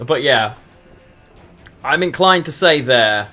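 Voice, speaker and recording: A man's voice: mid-range voice, expressive, takes it slowly, pushed and bright, soft background music. A man gives casual commentary while playing a game, thinking aloud and chatting with viewers between moves. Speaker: game streamer.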